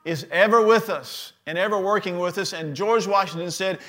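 A man preaching a sermon as pastor, leading the congregation in call-and-response and swinging between loud declarations and quiet, hushed passages. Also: high-pitched, normal speed.

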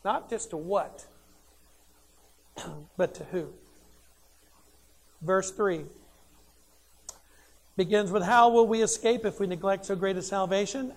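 A man's voice: high voice, slow, long pauses. Emphatic male preacher posing rhetorical questions. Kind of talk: sermon.

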